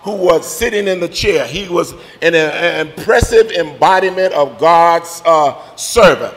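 A man preaching a sermon, telling a story and then building to shouted call-and-response preaching. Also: fairly high pitch, expressive, unhurried, a little hiss or hum. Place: church. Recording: reverberant church hall with faint music.

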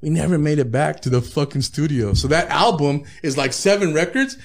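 A man's voice: fairly high pitch, a little fast, vocal fry. Profane laid-back man telling stories. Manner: profane, laid-back storytelling with frequent laughs. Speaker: rapper guest. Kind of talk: casual interview storytelling.

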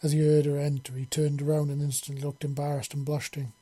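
A man narrating an audiobook story in a steady storytelling manner. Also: a little high, fast, husky.

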